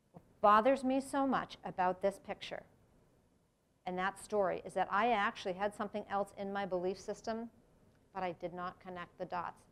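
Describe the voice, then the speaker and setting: A middle-aged woman from the United States gives a public talk in an earnest, reflective way. Her voice sits at a medium pitch, and she breaks into sudden emphatic rises. The talk appears to have been given in a lecture room. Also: a bit bright. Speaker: speaker giving a presentation on race.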